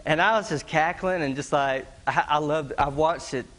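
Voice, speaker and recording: A middle-aged man preaches a sermon, his voice sitting a little high. He tells stories in a folksy, laughing way and breaks into imitations of animal calls as he goes. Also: normal speed, a bit bright. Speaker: pastor.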